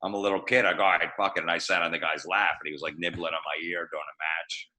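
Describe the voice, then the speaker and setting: A middle-aged man with a lowish voice and a bright, forceful edge tells a story on a podcast. He talks in a profane, deadpan way and slips into the voices of the people he quotes. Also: rapid-fire. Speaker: guest comedian.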